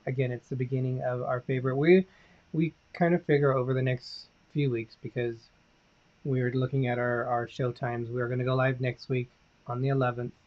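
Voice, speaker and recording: A man's voice: medium pitch, level tone, normal speed. A man co-hosting a livestream in casual chat, reading out viewer comments and laughing easily. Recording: dull lo-fi livestream audio.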